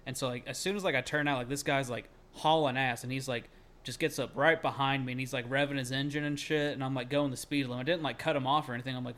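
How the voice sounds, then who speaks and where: A man's voice: mid-range voice, steady tone, quick pace. A young man telling a long story in casual podcast chat. He rambles, fills his talk with "like" and swears freely. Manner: rambling, heavy on filler "like", swears freely, shouts when quoting himself. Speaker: podcast co-host.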